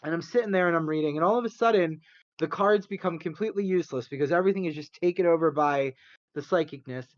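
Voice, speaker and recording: A man's voice: on the high side, fast talker, no room sound, highs cut off. A man co-hosting a podcast, telling a rambling story in a casual chat, laughing often. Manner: animated, rambling, acts out quotes, laughs often. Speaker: podcast co-host.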